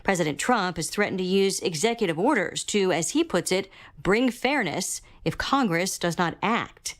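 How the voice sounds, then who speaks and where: A woman anchoring a network radio newscast, reading a scripted news bulletin in a brisk, even newsreader manner. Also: lowish voice.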